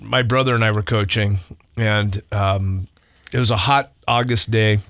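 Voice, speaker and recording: Guy on a faith talk show, animated storyteller, dry close mic. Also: on the low side, a little slow, no echo. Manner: animated storyteller, laughs often. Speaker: radio show co-host and baseball coach. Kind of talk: casual storytelling chat.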